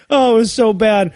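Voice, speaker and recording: High-voiced man, sarcastic and profane. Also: no echo, studio quality. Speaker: podcast co-host. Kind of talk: casual comedic movie riffing.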